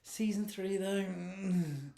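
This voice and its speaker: A man's voice: high-pitched, takes it slowly, creaky, dark tone, reverberant. A man rambling in a casual, sweary monologue from his home office, laughing often. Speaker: author and podcast host.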